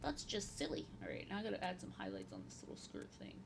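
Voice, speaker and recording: A woman's voice: fairly low pitch, big pitch swings, racing, vocal fry, noisy background. A woman in her thirties chatting casually while painting on a stream, rambling and repeating her own phrases, playful and prone to slipping into silly voices.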